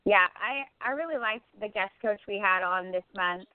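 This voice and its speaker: A woman hosting a reflective spiritual talk show, thoughtful and pausing often. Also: mid-range voice, clean tone, no echo. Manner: thoughtful, many filler pauses. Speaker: podcast host. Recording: tinny phone-line sound.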